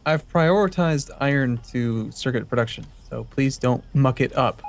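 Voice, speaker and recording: Man, mid pitch, dry teasing gamer banter. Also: normal speed, slight background noise. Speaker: game co-player. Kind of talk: casual chat while gaming.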